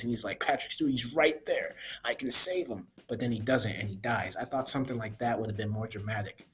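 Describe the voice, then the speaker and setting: A man's voice: medium pitch, bright, forceful tone, a little hiss or hum. A man giving a casual, rambling spoiler review of a movie, blunt and opinionated, often tacking "man" onto his sentences.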